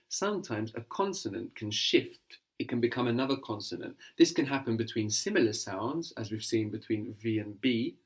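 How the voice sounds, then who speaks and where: Patient male language teacher. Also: mid-range voice. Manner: patient, explanatory, prompts the student to translate. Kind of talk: conversational language lesson.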